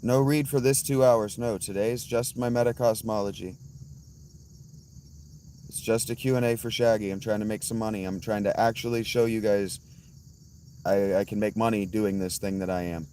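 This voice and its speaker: Hoarse blunt man streaming outdoors. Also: lowish voice, darkish tone, slight background noise. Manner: blunt, swears, addresses chatters by name. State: hoarse, worn-out voice. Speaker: livestream host answering chat. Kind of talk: casual livestream chat. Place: outdoors at night with insects.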